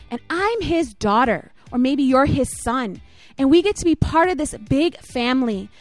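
High-voiced woman giving a children's message. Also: no echo. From Michigan, USA. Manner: warm, encouraging, storytelling. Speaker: children's ministry leader.

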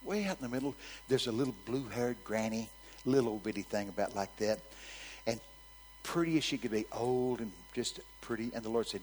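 A man preaching a storytelling sermon, swinging from hushed asides to loud, shouted quotes. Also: on the low side, moderate pace, big-room sound, a little hiss or hum, low-quality recording.

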